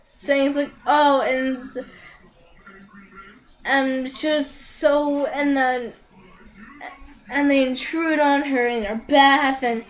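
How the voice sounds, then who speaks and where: A woman's voice: high-pitched, steady tone, slow, long pauses, poor audio. A woman casually recapping an anime, rambling with many fillers and restarts and sounding incredulous. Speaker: vlogger reviewing an anime.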